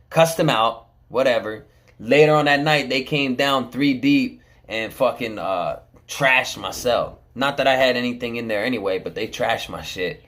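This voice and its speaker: A man's voice: mid-range voice, normal speed, fairly bright tone. A man telling a camera about his time in prison, in casual, blunt street talk full of swearing.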